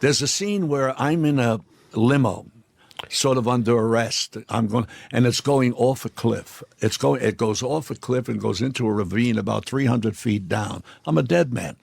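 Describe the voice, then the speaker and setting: A man, a guest in an interview, telling profane anecdotes in a blunt, animated way and acting out the dialogue. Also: mid-range voice, normal speed, vocal fry, breathy edge, no room sound.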